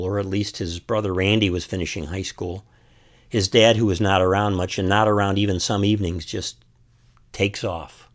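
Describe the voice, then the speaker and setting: A man speaking earnestly and from the heart as an author and host, reflecting on a film scene. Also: fairly low pitch. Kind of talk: reflective commentary to camera.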